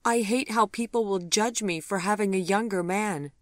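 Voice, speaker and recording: A man's voice: a little high, unhurried, a bit bright, no echo. A man voicing a sarcastic, worried middle-aged woman in an audiobook, speaking in a teasing, dry manner. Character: wry, anxious middle-aged woman, sharp-tongued.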